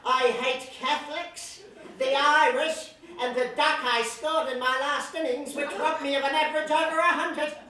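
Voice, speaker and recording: A woman's voice: high-pitched, fairly even intonation, normal speed, sharp tone, slight background noise. A woman on stage playing a boastful, sneering elderly male cricket board chief. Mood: gloating. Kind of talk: stage comedy acting. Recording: echoey theatre stage from far off.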